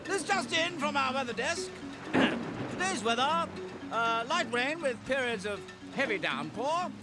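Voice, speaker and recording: A man's voice: very high-pitched, big pitch swings, unhurried, over loud music, voice pushed up, full character voice. A man voicing a zany male rainforest TV weatherman who chirpily rattles off forecasts. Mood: chirpy.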